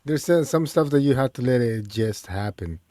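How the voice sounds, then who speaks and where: A man co-hosting a radio show, answering with short, relaxed affirmations in casual chat. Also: mid-range voice, moderate pace. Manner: laid-back, brief affirmations.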